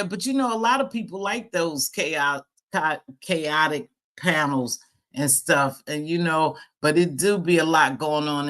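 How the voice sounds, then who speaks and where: This livestream host has a low-sitting, slightly bright voice. She runs a casual chat stream, talking bluntly and profanely, frequently laughing and welcoming viewers while she talks.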